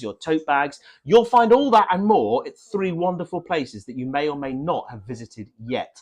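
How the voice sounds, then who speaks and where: Man, from norfolk, livestream co-host, chatty, rambling, animated pitch. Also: normal speed, hardly any pauses. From Norfolk, England. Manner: chatty, rambling, self-correcting. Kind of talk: casual livestream hosting.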